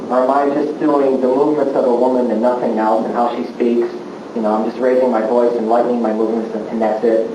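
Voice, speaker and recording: Musing teacher, distant and echoey. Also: male voice, mid-range voice, fairly even intonation, fast talker, muffled recording. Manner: musing, explanatory. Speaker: improv teacher. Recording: echoey room from far, noisy.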